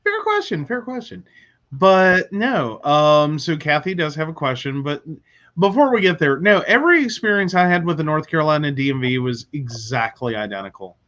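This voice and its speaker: A man's voice: a little high, big pitch swings, normal speed, a bit bright, dull audio. A man hosting a casual talk show, rambling along with many filler words. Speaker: host. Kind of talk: casual chat.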